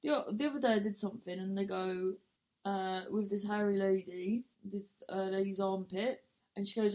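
A woman's voice: medium pitch, fairly even intonation, moderate pace, a little mellow. A woman, a comedian and actor, telling a rambling story with self-mocking asides and casual swearing.

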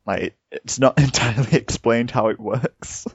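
A man's voice: mid-range voice, normal speed, husky, dry recording, dull audio. A man co-hosting a podcast, chatting in an easygoing, enthusiastic way. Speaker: podcast co-host. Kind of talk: casual podcast chat.

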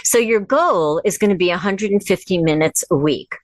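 A woman's voice: on the low side, lively intonation, no room sound. Chatty woman coaching from home. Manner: chatty, encouraging, slows down for imagery. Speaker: wellness host. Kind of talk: casual instructional livestream. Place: at home with her dog. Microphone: device camera.

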